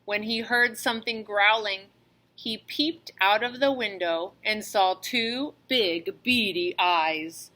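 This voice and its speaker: A woman reading a children's storybook aloud in an expressive, animated way, as a teacher. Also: mid-range voice, slow pace.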